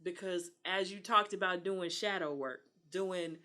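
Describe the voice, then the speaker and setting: A woman's voice: fairly low pitch, measured pace, bright, forceful tone. A woman, talking earnestly in a casual podcast conversation and acting out the voices she quotes. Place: Texas.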